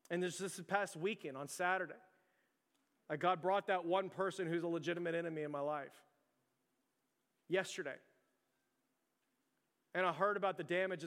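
A man preaches in a casual, heartfelt way, peppering his talk with "like." His voice sits fairly high. The sound carries a long reverb from a big church hall. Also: a bit bright. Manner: conversational, earnest, leans on "like". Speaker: pastor. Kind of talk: sermon.

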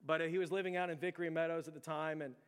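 A man's voice: on the high side, steady tone, very fast, smooth, long reverb tail. A man preaching a sermon in an earnest, conversational way, leaning on "like" as he talks. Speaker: pastor.

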